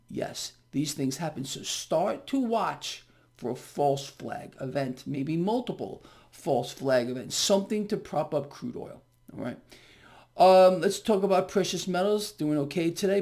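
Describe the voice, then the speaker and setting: A man's voice: a little high, a little mellow. A man giving an emphatic market commentary straight to his viewers, repeating his words and often checking in with "okay?" and "people". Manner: calls his audience "people". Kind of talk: direct-to-camera market commentary.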